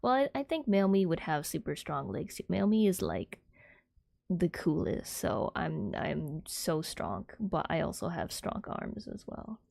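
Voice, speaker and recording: A young woman livestreamer chatting casually with viewers in a soft, airy, giggly way, rambling with lots of fillers. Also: lowish voice, sing-song, a little slow, gravelly, no echo, clean studio sound.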